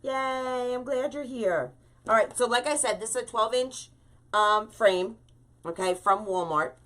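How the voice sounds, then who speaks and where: A woman's voice: fairly high pitch, a little slow, a bit bright. A talkative woman hosting a live-stream wreath-making tutorial, chatting with viewers and greeting them by name.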